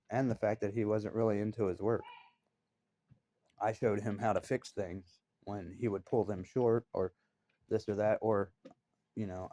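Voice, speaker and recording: A man's voice: lowish voice, dark tone, no room sound. A man telling a work story in a blunt, heated, profane way. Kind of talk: casual storytelling.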